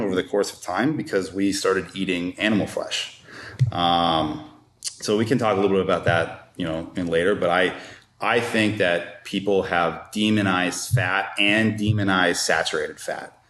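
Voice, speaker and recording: A man's voice: sits low, steady tone, moderate pace, fairly bright tone, slight background noise. A man, a strength and conditioning coach and podcast guest, explaining his views in casual conversation, emphatic and full of restarts and rhetorical questions. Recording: roomy echo.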